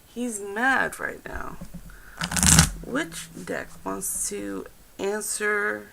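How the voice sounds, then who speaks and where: A woman's voice: mid-range voice, drawn-out words, creaky, sharp tone, a little hiss or hum, rough recording. A woman hosting a live-streamed tarot reading, chatting directly to viewers and to her cards. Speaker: tarot reader and stream host.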